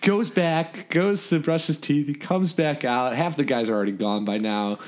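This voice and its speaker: His voice sits on the high side and moves at a moderate pace as this man in his forties, a former camper and counselor, shares camp memories on a podcast. It's a loose chat, and he narrates animatedly, breaking into laughter and scattering filler words throughout.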